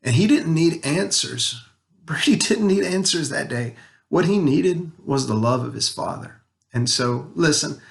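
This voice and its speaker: Earnest gravelly-voiced man, halting and emotional. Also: medium pitch. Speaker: father sharing a personal story. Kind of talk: personal spiritual reflection to camera.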